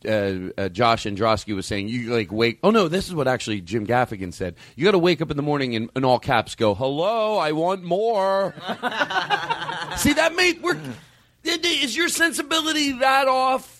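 A man who is a comedian and podcast host, chatting casually and rambling with loose asides and sudden jumps up in pitch. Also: very animated, fairly bright tone. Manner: loose, rambling, quick swings up in pitch when riled. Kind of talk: casual chat.

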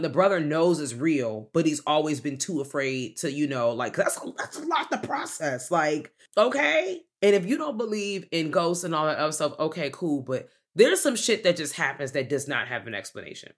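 A woman's voice: low-pitched, brisk, hardly any pauses. A woman co-hosting a podcast, telling a film's plot in casual chat and acting out the characters' lines as she goes. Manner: animated storytelling, acts out the characters' lines. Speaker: podcast co-host.

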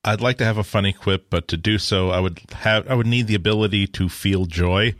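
A man on a podcast panel talking deadpan with many stammered restarts. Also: fairly low pitch, brisk, no echo, studio quality. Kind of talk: casual chat.

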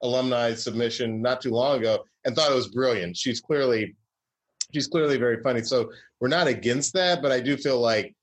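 Man, from Georgia, comedy writer, casual interview guest, rambling, chatty, middle pitch. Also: a little fast. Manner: rambling, chatty, many fillers and restarts.

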